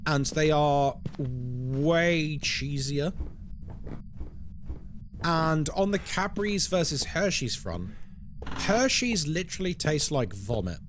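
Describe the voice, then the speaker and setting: This young British horror game streamer talks slowly in a voice on the high side, with background noise behind him. He's chatty and animated on his live stream, reading out chat and answering it in a British English accent.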